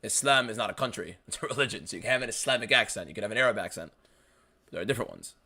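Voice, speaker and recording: This American streamer talks very fast in a lowish voice with lively intonation and a pushed, bright quality. Hosting a fight watchalong, he answers viewers' questions casually and bluntly, cursing often.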